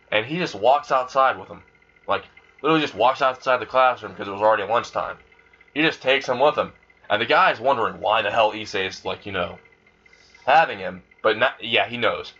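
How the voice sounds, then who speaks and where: Brief: male storyteller, loose crude rambling delivery, husky bright voice, muffled lo-fi audio. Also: lowish voice, normal speed. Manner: rambling and crude, full of fillers and swearing. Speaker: fan fiction storyteller. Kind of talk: casual improvised storytelling. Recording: dull lo-fi recording.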